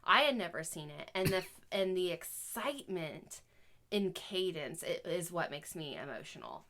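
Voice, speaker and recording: A woman's voice: on the low side, lively intonation, normal speed, fairly bright tone. A woman in her thirties co-hosting a family podcast, chatting casually, laughing often and talking openly about her feelings. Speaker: podcast co-host. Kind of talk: casual chat.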